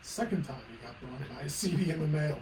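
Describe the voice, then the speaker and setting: High-voiced man quipping from off-mic. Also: fast talker, darkish tone. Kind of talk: off-mic quips in casual chat. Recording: echoey, distant from the mic, faint room hum.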